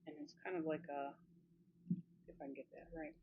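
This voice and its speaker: A woman's voice: deep voice, steady tone, fairly quick. Chatty woman narrating her drawing. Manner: chatty, thinking aloud and self-encouraging. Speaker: art channel creator. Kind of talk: casual drawing commentary. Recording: slightly muffled with faint hiss.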